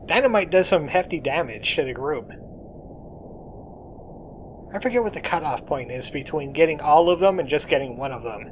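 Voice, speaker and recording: A man's voice: a little high, animated, normal speed, long pauses, a little hiss or hum. A man giving playful, joking commentary as he plays through a game, now and then voicing lines in character. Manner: joking, hums along and voices game lines. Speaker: let's play host. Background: faint game music.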